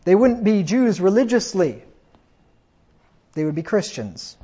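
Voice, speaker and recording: A man's voice: high-pitched, big pitch swings, a little slow, mellow, breathy edge, dull audio. A man preaching a fiery sermon, reading scripture aloud and mocking his opponents in put-on voices. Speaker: pastor.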